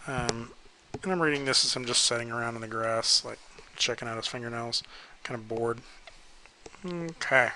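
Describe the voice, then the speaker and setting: Bright-voiced man critiquing drawings. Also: medium pitch, normal speed, slight background noise, poor audio. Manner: relaxed, hesitant, many ums and likes. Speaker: art instructor giving pose feedback. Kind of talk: casual critique while sketching.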